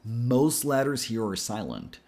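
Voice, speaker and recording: Slow, careful male accent coach. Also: mid-range voice, expressive, darkish tone. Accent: American. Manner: slow, careful, demonstrating sounds. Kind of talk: pronunciation lesson.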